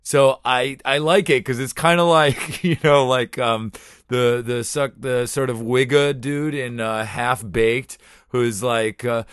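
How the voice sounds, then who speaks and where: Guy doing a jokey podcast rant, swears a lot, mid-pitched voice, dry close sound. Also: slow pace, clean tone, dry recording. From United States. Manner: animated, profane, playful storytelling. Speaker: podcast host. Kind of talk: comedic podcast monologue.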